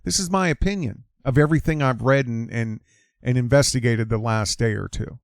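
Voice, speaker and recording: A man's voice: medium pitch, fairly quick, gravelly, no echo, clean studio sound. A man hosting an opinionated commentary monologue, emphatic and repeating his lines for effect. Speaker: commentary channel host.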